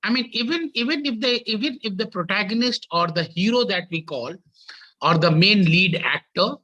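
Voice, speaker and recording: A man gives an academic talk as a conference panelist over a video call, halting often and repeating words as he restarts his sentences. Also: high voice, pushed and bright, muffled recording. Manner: halting, with frequent repetitions and restarts.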